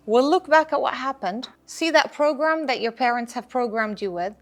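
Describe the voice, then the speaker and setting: A woman's voice: high voice, moderate pace, hardly any pauses. Emphatic woman parenting coach. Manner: animated, emphatic, repeats phrases for effect. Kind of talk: interview answers.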